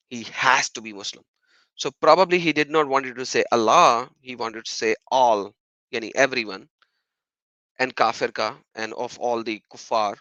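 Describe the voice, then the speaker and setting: A man talks straight to his viewers in an emphatic, insistent way, circling back to the same points and firing off rhetorical questions. His voice is bright and forceful, and the recording is close and dry. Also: medium pitch, dry recording, poor audio. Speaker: YouTuber responding to comments. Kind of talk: monologue commentary vlog.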